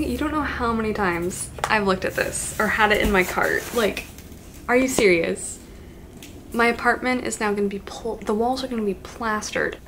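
A woman chatting casually at home as a booktube vlogger, gushing and excitable, with gasps and soft asides. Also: medium pitch, normal speed, noisy background. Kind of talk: casual unboxing chat.

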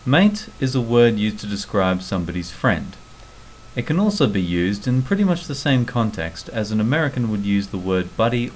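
Lively Australian man explaining things. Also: fairly low pitch, slight background noise, rough recording. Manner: friendly, instructive, enthusiastic. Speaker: vlogger. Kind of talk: explanatory narration.

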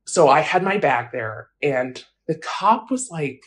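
A woman's voice: low voice, lively intonation, a little slow. A woman telling her own story in an interview, casual and blunt, with frequent fillers. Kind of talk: personal account in an interview.

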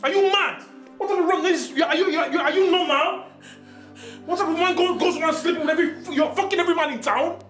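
An actor with a Nigerian accent playing a betrayed, furious husband who shouts, insults and repeats himself. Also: male voice, extremely high pitch, fast, faint music behind. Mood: mocking rage. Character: betrayed husband, furious, throwing his wife out. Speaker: actor in a film. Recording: roomy room with film score.

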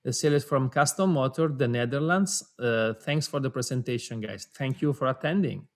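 Man reading viewer greetings on a webinar. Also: mid-range voice. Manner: reads out names and greetings, drifting between languages, quick to laugh. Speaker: webinar co-host for an audio brand.

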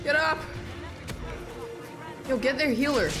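A woman's voice: sits high, slow. A woman streamer giving live gameplay commentary, yelping and swearing as the game goes on. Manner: excitable, yelps and swears at the game. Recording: game music under the voice.

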